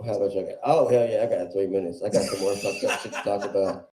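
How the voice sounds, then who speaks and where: A man doing a crude stand-up set on a club stage, loud and laughing at his own jokes. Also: on the low side, fairly even intonation, fast, background noise. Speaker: stand-up comedian. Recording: roomy club echo.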